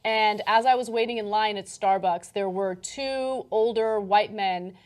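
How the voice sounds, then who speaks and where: A woman hosts a political talk show and keeps the conversation moving. She tells stories in an animated, casual way. Her voice sits in a middle register. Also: medium pitch, a little slow. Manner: animated storyteller. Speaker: host.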